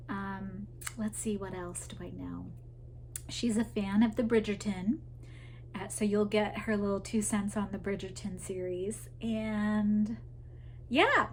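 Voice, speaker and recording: A woman's voice: mid-range voice, a little mellow, a little hiss or hum. A woman hosting a crochet podcast, chatting casually to camera about her projects, rambling with asides to viewers. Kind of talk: casual show-and-tell chat to camera.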